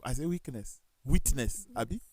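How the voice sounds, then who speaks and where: A man with a Nigerian accent, speaking as a talk show panelist. He tells animated stories, acts out the dialogue, and corrects himself as he goes. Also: mid-range voice, a little fast, dry recording. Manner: animated storytelling with quoted dialogue and self-corrections. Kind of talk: casual studio discussion.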